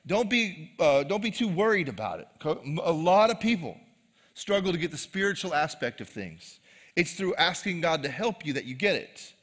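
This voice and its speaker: A man's voice: fairly high pitch, big pitch swings, normal speed, a bit bright, long reverb tail. A man preaching a sermon to a live congregation, casual and joking in tone. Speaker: pastor. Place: live church service.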